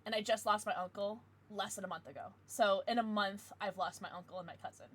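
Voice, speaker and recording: A young adult woman streamer chatting casually with her viewers, with excited outbursts. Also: mid-range voice, quick pace, slightly rough. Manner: chatty, answers viewers, bursts of excited squeals. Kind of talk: casual live-stream chat.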